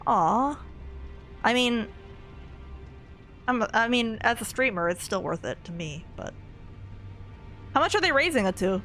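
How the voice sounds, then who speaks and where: Brief: young adult woman streamer, casual chat, giggly and rambling, high lively voice. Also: measured pace, pauses often, faint music behind. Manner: chatty, giggly, rambling with restarts.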